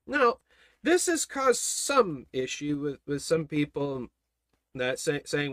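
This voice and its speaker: A man's voice: on the high side, sing-song, slow pace, bright, forceful tone, dry recording. A man teaching a Bible study, preaching emphatically and fervently and repeating his key phrases.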